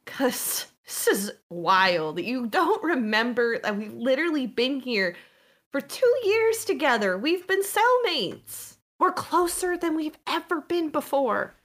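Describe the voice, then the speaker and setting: Brief: woman doing a brash, threatening woman convict, swaggering, pitch swings wildly. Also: sing-song, takes it slowly, a bit bright, full character voice. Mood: teasing. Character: brash tough woman prison inmate, cocky.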